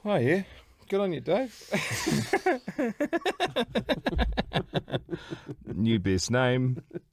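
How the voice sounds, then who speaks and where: A man's voice: mid-range voice, sing-song, a little slow, a little mellow, dry recording. A man co-hosting a casual podcast, reading items aloud and cracking sweary jokes. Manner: joking, sweary, reading out a list with quips. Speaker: podcast co-host.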